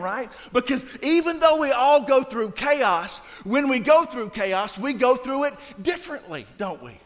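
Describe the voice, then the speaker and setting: A man from Louisiana preaching a sermon, emphatic, swinging between loud declarations and hushed lines. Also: extremely high pitch, animated, moderate pace, few pauses. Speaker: pastor. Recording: long reverb of a large hall.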